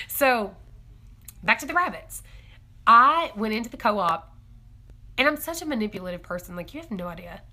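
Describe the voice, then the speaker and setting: A young woman hosts a casual homestead live stream. Her voice is bright and ringing, and she chats along with frequent giggles while answering viewer comments. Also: mid-range voice, lively intonation, moderate pace, pauses often. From East Tennessee. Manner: chatty and giggly, reads viewer comments aloud. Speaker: homestead livestream host.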